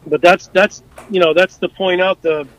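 A man casually telling stories from his time on rescue boats, animated and full of fillers and restarts, acting out what people said. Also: high-pitched, normal speed, low-quality recording. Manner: animated, acts out quotes, many fillers and restarts. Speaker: guest, former rescue boat crewman. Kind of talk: casual storytelling.

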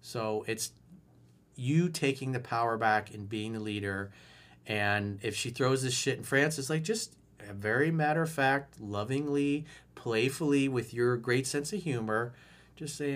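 A dating coach with a mid-range, fairly bright voice answers viewer emails on video at a measured pace. He's blunt, emphatic and swaggering, swears freely, and often acts out firm lines for listeners to repeat.

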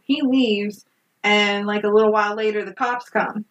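A woman's voice: medium pitch, steady tone, normal speed, distant mic, lo-fi sound. A woman co-hosting a casual podcast, retelling a film plot in a chatty way, laughing and acting out the characters' lines. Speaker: podcast co-host recapping a film. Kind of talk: casual chat.

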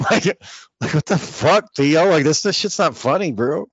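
A man's voice: a little high, moderate pace, breathy edge, no echo. Guy swearing thru a funny story, muffled mic, no room sound. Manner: profane, animated storytelling with quoted voices. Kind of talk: casual chat.

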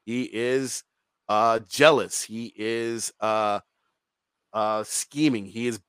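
A man's voice: fairly low pitch, steady tone, takes it slowly, a bit bright, smooth, dry recording. Man, casual podcast movie review, rambling and profane, dry room. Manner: rambling, profane, laughs often. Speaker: podcast co-host reviewing a film.

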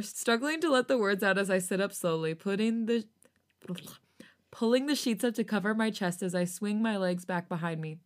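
A woman with a mid-range voice co-hosts a podcast, softly reading fan fiction aloud before breaking into loud, laughing, flustered banter.

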